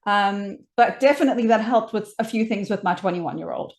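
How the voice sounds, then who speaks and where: A woman's voice: mid-range voice, brisk. A middle-aged woman co-hosting a podcast, telling a personal anecdote in a chatty, self-deprecating way. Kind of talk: anecdotal storytelling in conversation.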